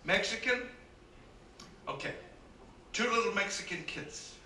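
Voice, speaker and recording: A man doing stand-up comedy as a cruise ship entertainer, telling brisk jokes with asides to the crowd. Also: high-pitched, expressive, sharp tone, a little hiss or hum. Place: cruise ship show room. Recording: echoey room from a distance, live band.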